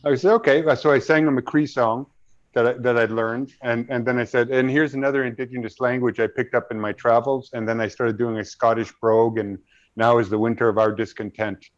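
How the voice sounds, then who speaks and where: A man's voice: medium pitch, steady tone, fairly quick. Thoughtful man telling stories, muffled audio. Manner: thoughtful, storytelling, frequent restarts. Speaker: actor, panel guest. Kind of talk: conversational panel interview.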